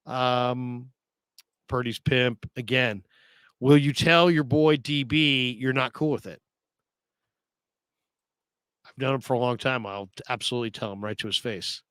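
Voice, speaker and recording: A man's voice: medium pitch, a bit bright, clear, resonant tone, no room sound. A man hosting a casual sports talk show, reading viewer comments aloud and laughing often.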